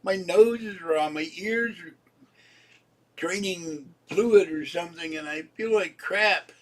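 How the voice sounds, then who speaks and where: A man in his seventies, sick and hoarse, rambling casually to his viewers about his day and laughing at his own jokes. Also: high-pitched, slow pace, recorded from a distance. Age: 70s. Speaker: vlogger. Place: home.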